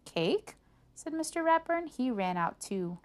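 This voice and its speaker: Lively woman reading a storybook aloud. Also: unhurried, slight background noise. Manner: animated, voices characters with higher pitch. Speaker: storybook reader. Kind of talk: reading a picture book aloud.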